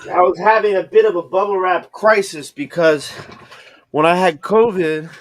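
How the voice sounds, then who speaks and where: A man's voice: high-pitched, moderate pace, no room sound. A man chatting casually and easily in a group conversation. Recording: noisy recording.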